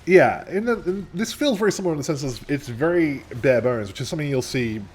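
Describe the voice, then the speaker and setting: A man's voice: fairly high pitch, animated, fast, darkish tone, slight background noise. A young man co-hosting a gameplay video, rambling in casual chat, laughing often and swearing casually. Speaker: gameplay co-host. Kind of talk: casual let's-play chat.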